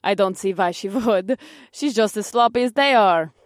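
A woman's voice: medium pitch, normal speed, no room sound, clean studio sound, lightly acted. A woman voicing the young female companions in a fantasy audiobook, in a conversational, curious manner. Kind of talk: audiobook character dialogue.

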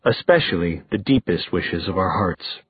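A man reading a vain, wry male warlock with a dry, low, languid delivery, in a tinny recording. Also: lively intonation, normal speed, husky, no echo, heavily acted.

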